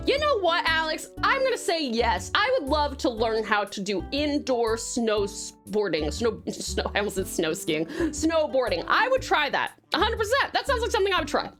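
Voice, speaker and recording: A woman's voice: high voice, big pitch swings, moderate pace, few pauses, a bit bright, soft background music. A woman streamer chatting casually with her chat, bubbly and giggly.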